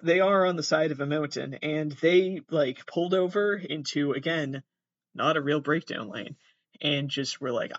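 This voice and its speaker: A fairly high-voiced man reacts to videos in casual commentary, worked up and swearing freely. The sound is dry and a little dull, like a lo-fi home setup. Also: fairly bright tone, no echo. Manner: agitated, swearing, exclaiming in alarm. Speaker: podcast host.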